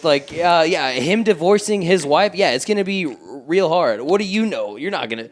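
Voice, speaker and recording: A man's voice: fairly high pitch, lively intonation, normal speed, few pauses. A man co-hosting a casual comedy podcast, reading text messages aloud and breaking off to mock them, often laughing.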